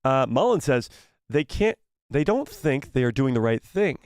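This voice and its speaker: A young man hosting a casual live stream, reading viewer messages aloud in an animated, playful way and sometimes stumbling over the words. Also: medium pitch, moderate pace, no echo, clean studio sound.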